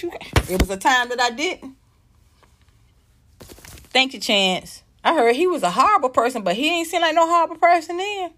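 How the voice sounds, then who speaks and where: A woman's voice: high-pitched, animated, normal speed, fairly bright tone. A woman in her fifties giving emphatic, outspoken pop culture commentary. She reads posts aloud, reacts to them and swears freely. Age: 50s. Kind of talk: animated commentary vlog.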